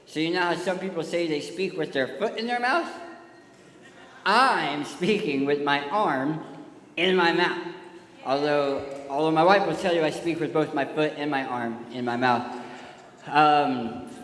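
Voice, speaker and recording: A touring speaker and singer gives a joking, story-filled talk on a church stage, speaking directly to the kids. His voice is on the high side, fairly bright, and measured in pace, with a lisp from tongue surgery. The hall is echoey, with live music playing.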